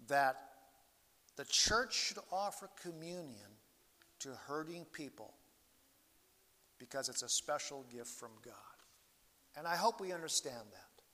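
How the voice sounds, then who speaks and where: A male pastor delivers a sermon slowly and earnestly, his volume sweeping up and down. His voice is bright and fairly high for a man, and a long hall reverb surrounds it.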